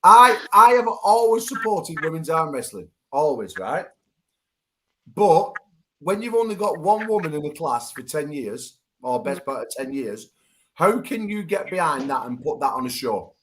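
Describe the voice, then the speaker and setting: A man's voice: on the high side, sing-song, normal speed, a little hiss or hum. A man hosting a casual online chat show over a video call, teasing and swearing with his guests. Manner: teasing, swearing, laughing loudly. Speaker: show host.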